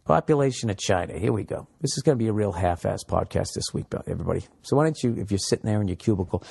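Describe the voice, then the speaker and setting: A man hosts his own comedy podcast, reading out news items and tearing into them with profane asides. He rambles, stumbles over words and bursts into mock shouting for laughs. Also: lowish voice, animated, fast talker, vocal fry, few pauses, husky. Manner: profane, riffing, shouting bits in put-on voices. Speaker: podcast host. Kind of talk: solo comedy podcast rant.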